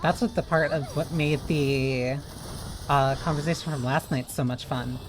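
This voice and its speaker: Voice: mid-range voice, steady tone, normal speed, noisy background. A streamer chatting casually while playing a game, rambling loosely from one thought to the next.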